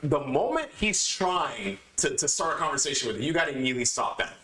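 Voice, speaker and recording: A man's voice: fairly high pitch, very animated, fast, sharp tone. A man hosting a podcast, giving emphatic, lecturing advice in a casual monologue. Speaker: podcast host. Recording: echoey room.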